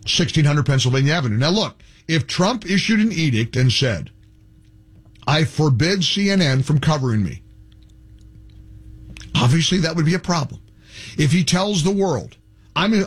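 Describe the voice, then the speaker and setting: A male talk radio host with a higher pitch and a husky edge to his voice. He argues heatedly with a caller, mocking and sarcastic in his call-in radio delivery.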